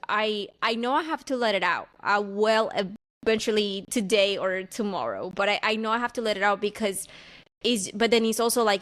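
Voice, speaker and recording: A woman's voice: on the high side, fairly bright tone. A young adult woman co-hosting a podcast, candid and rambling in casual chat, often questioning herself. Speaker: podcast co-host.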